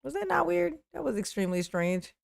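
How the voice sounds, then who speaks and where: A woman's voice: high voice, very animated, a little fast, gravelly, dry recording, studio quality. A woman streaming live commentary, mocking the clips she plays, laughing often and answering her viewers' chat. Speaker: streamer reacting to court clips. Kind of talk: livestream commentary.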